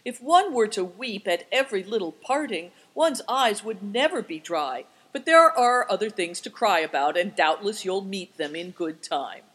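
A woman's voice: medium pitch, animated, normal speed, hardly any pauses, fairly bright tone, husky, voice pushed up, rough recording. A woman reading aloud voices a gloomy, servile old man who sighs, stammers and talks in old sayings. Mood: grumbling.

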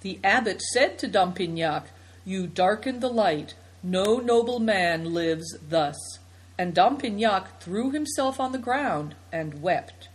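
A woman reading the part of a thoughtful young boy who speaks in a measured, firm way, in a storybook. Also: medium pitch, animated, husky.

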